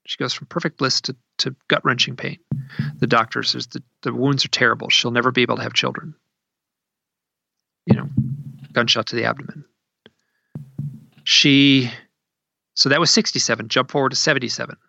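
Gravelly-voiced man telling a story. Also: medium pitch, normal speed, pauses often, no echo, lo-fi sound. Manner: animated, acts out quoted speech in a raised voice. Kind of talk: conversational storytelling. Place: at a desk.

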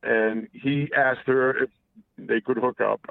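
Low gravelly man over a tinny phone line. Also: steady tone, dry recording. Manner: halting, full of restarts and profanity. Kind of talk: casual confessional storytelling.

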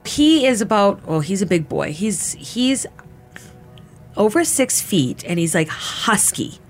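A woman in her thirties giving a candid personal account in halting, casual speech full of "like" fillers and restarts. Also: medium pitch, big pitch swings, faint music behind. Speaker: interviewee recounting her experience.

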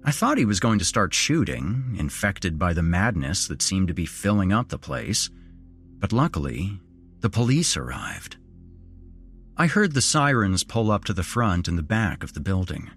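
A man's voice: deep voice, big pitch swings, moderate pace, fairly bright tone, soft background music. A man telling a first-person horror story, dramatic and moving between wry asides and tension.

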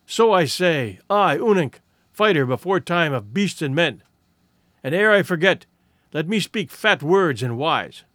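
Fierce wounded warrior, boastful then grim, voiced by a man reading a storybook; high, very lively delivery. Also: unhurried, no room sound, studio quality. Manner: fierce, boastful proclamations, flat when grim.

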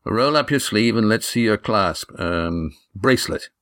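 A man's voice: lowish voice, animated, a little slow, fairly bright tone, no echo, studio quality. A man voicing a stern male leader in an audiobook, curt and commanding.

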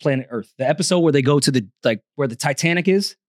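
A man's voice: fairly high pitch, expressive, fast talker, no room sound, studio quality. A man co-hosting a podcast in casual group chat, sarcastic and contrarian. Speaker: podcast co-host.

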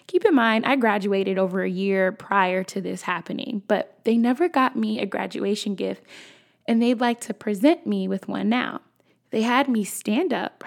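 A woman's voice: medium pitch, vocal fry. A young woman telling a personal story in a chatty, casual way, talking straight to her viewers. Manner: chatty, addresses viewers as y'all. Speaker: storyteller vlogger.

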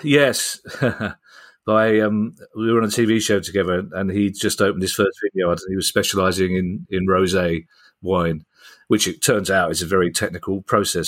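Wry low-voiced podcast host. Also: male voice, fairly even intonation, moderate pace. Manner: wry, jokey. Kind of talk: podcast banter.

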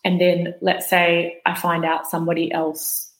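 A woman with a fairly low voice explains things patiently on a podcast. She talks calmly and steadily as a guest. The recording has a roomy echo. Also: a little slow. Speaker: podcast guest, vagus nerve educator.

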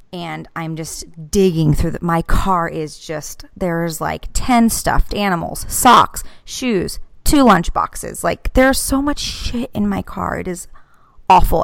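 A woman's voice: lowish voice, vocal fry, dry recording. A woman in her thirties co-hosting a casual podcast chat, telling a story with lots of acted-out quotes and swearing. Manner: animated, swearing, acts out quotes. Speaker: podcast co-host.

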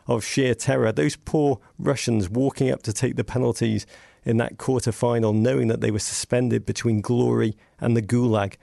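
English male guest, lively storyteller, very gravelly voice, dry close sound. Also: mid-range voice, moderate pace, no room sound. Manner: animated storyteller, frequent restarts. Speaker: podcast guest. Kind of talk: casual chat.

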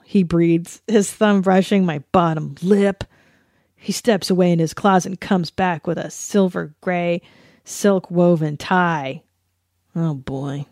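A woman's voice: on the low side, measured pace, a little mellow, dry recording, clean studio sound. A woman from the Los Angeles area, hosting a casual solo podcast and reading aloud with giggly, self-conscious, mock-dramatic delivery. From Los Angeles area, USA. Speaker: podcast host.

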